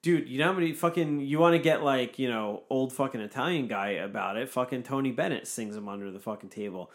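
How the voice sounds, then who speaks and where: A man's voice: mid-range voice, quick pace. A man in casual podcast chat who rants emphatically and swears constantly. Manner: profane, ranting, emphatic.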